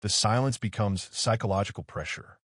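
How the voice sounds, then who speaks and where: A man giving scripted, measured narration explaining a police interrogation. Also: fairly low pitch, fairly bright tone, husky, dry recording. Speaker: true crime commentator. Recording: dry close-mic voice-over.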